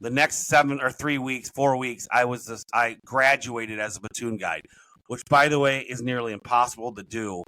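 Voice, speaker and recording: A man's voice: medium pitch, normal speed, bright, forceful tone, a little hiss or hum, rough recording. A middle-aged man, a podcast guest and business coach, telling his stories in a rambling, self-correcting way. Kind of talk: casual storytelling interview.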